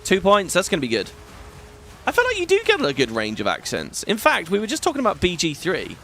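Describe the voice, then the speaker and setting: With a high voice whose pitch swoops wildly, this thirty-something British YouTuber talks briskly in a pushed, bright tone over a little hiss or hum. He gives casual, rambling gameplay commentary, chatty and sweary with many restarts.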